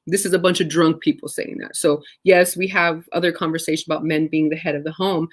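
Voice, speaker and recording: A woman teaching scripture in a casual, animated way, reading verses and acting out the speakers with conversational asides. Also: deep voice, brisk. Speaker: Bible study teacher.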